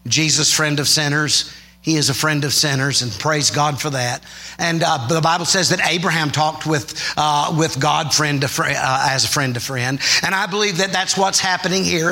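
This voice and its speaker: A man preaching a sermon, moving from quiet, musing storytelling to shouted, fervent declarations. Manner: swings between soft low musing and shouted, rising fervor.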